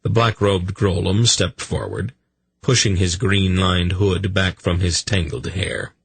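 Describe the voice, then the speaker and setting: A man narrating an audiobook in a slow, measured, dramatic way. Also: sits low, steady tone, vocal fry, breathy edge, dry recording. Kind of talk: scripted narration.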